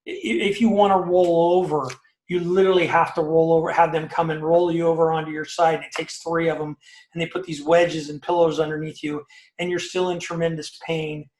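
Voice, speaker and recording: A man's voice: a little high, level tone, brisk, a little mellow, echoey room. A man in his fifties telling his own story as an interview guest, talkative and emphatic, with many fillers and tag questions. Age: 50s. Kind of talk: personal story in a casual interview.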